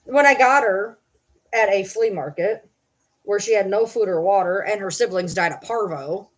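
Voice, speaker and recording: A woman's voice: medium pitch, normal speed. A woman vlogging in casual chat to camera, profane and rambling, breaking off to talk to her dogs.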